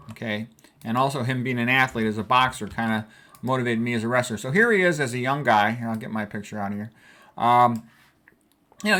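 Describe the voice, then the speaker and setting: A man in his sixties from the United States, a physician talking casually and rambling as he goes through old family photos. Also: mid-range voice. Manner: rambling, conversational, warm reminiscing. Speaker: physician vlogger.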